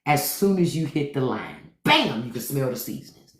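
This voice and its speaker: A man's voice: mid-range voice, normal speed, roomy sound. A man from Washington, D.C., a podcast host, riffing and swearing freely in casual livestream chat. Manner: animated, profane riffing.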